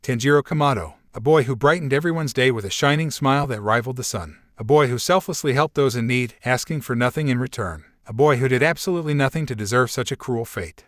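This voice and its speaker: A man's voice: mid-range voice, fast, few pauses, dry recording, studio quality. Synthetic male voice narrating fan fiction.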